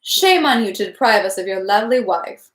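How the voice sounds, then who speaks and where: A woman's voice: mid-range voice, lively intonation, brisk, close to an everyday voice. A woman playing a weary young nobleman, dry and bored with everyone around him. Her middling voice rings with a roomy echo.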